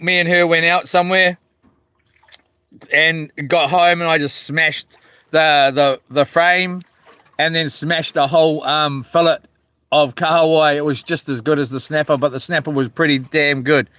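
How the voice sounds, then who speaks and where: Bright, laid-back New Zealand bloke. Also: male voice, fairly high pitch, clean tone, no room sound. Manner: laid-back, slangy, reads viewer comments aloud. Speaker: livestreaming fisherman. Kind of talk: casual live-stream chat. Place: outdoors on a small boat.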